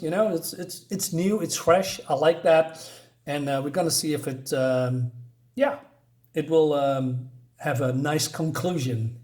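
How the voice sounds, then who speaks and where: Chatty, higher-voiced comic reviewer man. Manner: chatty and enthusiastic, many fillers. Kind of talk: casual review vlog.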